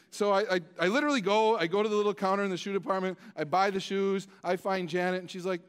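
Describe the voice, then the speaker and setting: A man's voice: high-pitched, fairly even intonation, fast talker, few pauses, clear, resonant tone. A male pastor preaching a storytelling sermon in a conversational, self-deprecating way, with many stammered restarts.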